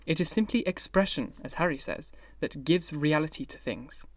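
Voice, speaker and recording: A man reading the part of a vain, bored young gentleman in an audiobook, languid and then shrill in protest. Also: expressive, normal speed, dry recording, recorded from a distance.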